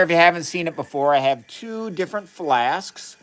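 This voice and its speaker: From a chemistry lab, a man hosts a casual live science stream, narrating every step of his experiments. His voice is somewhat high for a man and a bit bright, animated at a moderate pace, as he chats warmly with viewers and greets them by name.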